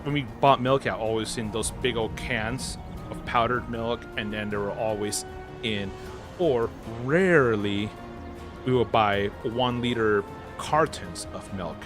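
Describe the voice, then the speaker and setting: Male streamer, unhurried, rambling casual chat over game music. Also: on the low side. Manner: rambling, many fillers and restarts, laughs easily. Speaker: gaming livestream host.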